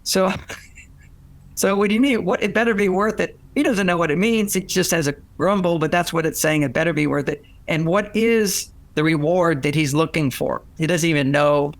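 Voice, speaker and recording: An older man giving relationship advice in a lively storytelling way, acting out what people said and laughing often. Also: fairly high pitch, moderate pace, no echo. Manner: animated, acts out quoted voices, laughs often. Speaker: relationship author and guest.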